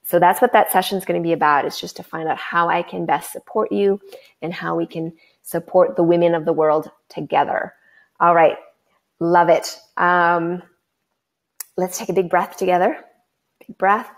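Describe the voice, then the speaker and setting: A woman's voice: lowish voice, normal speed, creaky. A woman hosting a live webinar as a coach, talking in an effusive, bubbly way over a computer mic. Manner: effusive, bubbly, breathless excitement.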